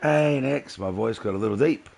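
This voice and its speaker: A man's voice: mid-range voice, normal speed, vocal fry, darkish tone, slightly rough. A young man streaming a game, chatting casually and answering viewers' messages by name. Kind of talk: casual live-stream chat while gaming.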